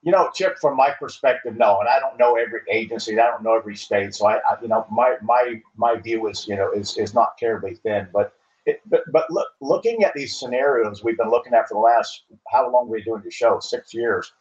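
A man's voice: medium pitch, brisk, muffled recording. A man, a police captain and trainer, talking in casual panel chat with folksy, wry, blunt remarks and many fillers.

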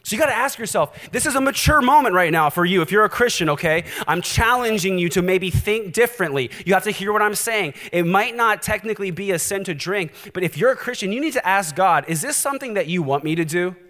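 A male pastor preaching a sermon, animated and direct, challenging his listeners. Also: high voice, fairly quick, hardly any pauses, in a large hall.

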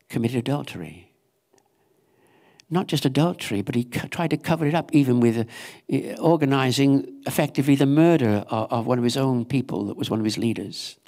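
A man preaching a sermon, telling a story in an earnest way and voicing the questions he imagines his listeners asking. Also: medium pitch.

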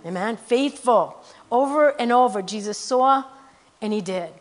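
Her voice on the high side and animated, a woman delivers a conversational sermon about her missionary work. She is earnest, frequently says "you know" and "okay?", and reads through scripture quickly.

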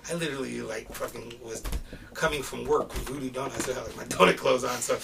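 A middle-aged man casually telling a story on a podcast, animated and swearing, shouting out the quoted lines. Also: medium pitch, fast talker, vocal fry, far from the mic, noisy background. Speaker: podcast guest.

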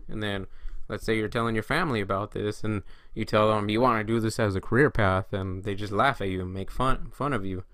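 A man's voice: fairly low pitch, normal speed, fairly bright tone, dry recording. A man talking casually as a trading coach, often acting out inner voices and quoted friends. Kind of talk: casual solo talk to camera.

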